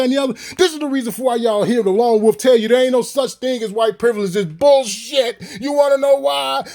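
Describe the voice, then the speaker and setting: High-voiced, profane man ranting. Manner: profane, heated, repetitive. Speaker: video creator. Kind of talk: ranting monologue to viewers.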